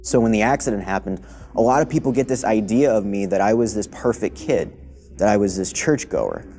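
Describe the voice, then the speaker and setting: A man's voice: expressive, fairly quick, dark tone, soft background music. A young man giving a candid, reflective personal testimony. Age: young adult. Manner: reflective, candid, low-key. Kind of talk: testimony interview.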